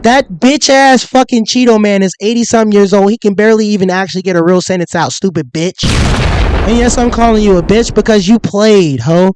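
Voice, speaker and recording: Young guy streamer w a high voice going off, cussing nonstop, loud gunfire noise behind him. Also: fast, hardly any pauses. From United States. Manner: profane, confrontational, insulting. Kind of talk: ranting livestream commentary.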